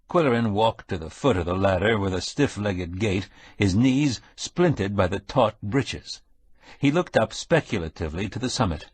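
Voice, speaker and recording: A man narrating a mystery audiobook in a measured, steady storytelling manner. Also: lowish voice, breathy edge, dry recording. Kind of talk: scripted narration.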